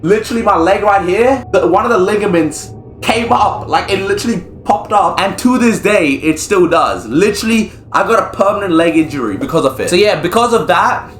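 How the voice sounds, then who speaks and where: A young man vlogging, telling a comic story from school in an animated, slangy way. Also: sits high, a little fast, faint music behind.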